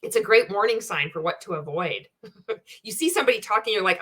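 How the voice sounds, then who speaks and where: A woman's voice: mid-range voice, lively intonation, fairly quick, a bit bright. A woman giving a sarcastic, profane reaction rant as a video commentator, blunt and scornful.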